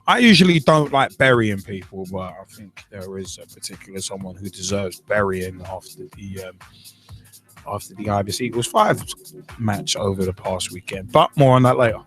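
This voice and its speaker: A man hosting a casual football podcast, rambling and joking between results. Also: fairly low pitch. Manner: rambling, jokey, laughs at own asides. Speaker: podcast host. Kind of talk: casual football chat show.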